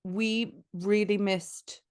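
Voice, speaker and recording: A woman's voice: medium pitch, fairly even intonation, very slow, clean tone, no echo. Late 20s woman rambling on a podcast from bed, mid voice, lots of likes and laughs, dry sound. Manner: chatty, rambling, frequent "like", laughs often. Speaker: podcast co-host. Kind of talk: casual chat.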